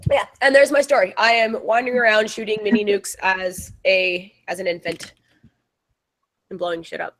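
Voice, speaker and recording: A woman's voice: medium pitch, fairly even intonation, normal speed, fairly bright tone. A woman from the American South with a Southern accent, chatting and telling a rambling game story with lots of giggles on a casual livestream call. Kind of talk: casual chat.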